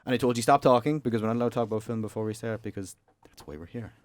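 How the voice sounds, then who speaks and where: A man's voice: on the low side, fairly even intonation, a little mellow, slight background noise. A young man hosting a casual podcast chat, joking and teasing his guests. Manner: teasing, quick banter. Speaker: podcast host.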